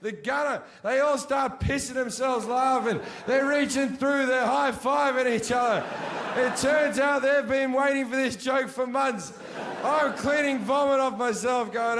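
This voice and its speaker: A middle-aged man with a high-pitched voice tells brash, profane stories on a comedy stage and breaks into shouted punchlines. His handheld mic is live, with plenty of room noise and audience laughter in the mix. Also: a little slow. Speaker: stand-up comedian. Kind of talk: stand-up storytelling. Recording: live show audio with loud audience laughter.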